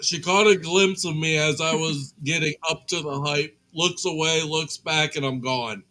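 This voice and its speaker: A man taking part as a player in a tabletop game, relaxed and giggly. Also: on the high side, moderate pace. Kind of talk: casual play talk.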